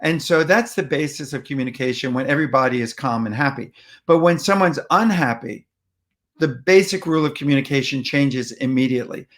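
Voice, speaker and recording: A man giving a patient, plainspoken explanatory talk on how to speak with upset people and toddlers, often pausing with ums and restarting phrases. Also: medium pitch, fairly bright tone. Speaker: parenting communication speaker.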